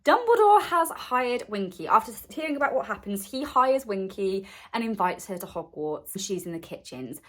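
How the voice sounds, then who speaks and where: A woman's voice: medium pitch, very animated, normal speed, few pauses. A woman hosting a podcast, chatting enthusiastically and acting out quotes as she recaps a story. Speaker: podcast host. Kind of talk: casual recap chat.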